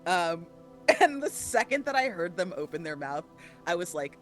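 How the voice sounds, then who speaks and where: Guy guesting on a podcast, high bright voice, laughs a lot, swears his way through animated stories. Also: normal speed, soft background music. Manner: animated, profane storyteller who laughs often. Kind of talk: casual chat.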